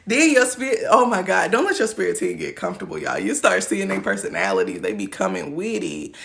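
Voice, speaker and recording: A woman's voice: fairly low pitch, huge pitch swings, brisk, gravelly, fairly bright tone. A woman in her twenties teaching on a livestream in a loose, slangy chat, laughing often and acting out quoted voices. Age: 20s.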